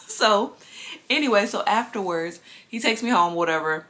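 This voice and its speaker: A lifestyle vlogger tells a personal story in a casual storytime vlog, chatting directly to her viewers and calling them y'all. Her medium-pitched voice is animated and a bit bright, at a normal speed.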